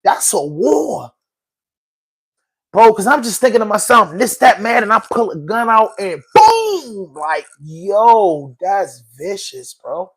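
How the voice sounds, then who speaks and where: A man hosts a podcast in a casual monologue, his high voice swinging widely in pitch at a measured pace, slightly bright and almost without pauses. He comments emotionally in slang, repeats himself and says "bro" constantly.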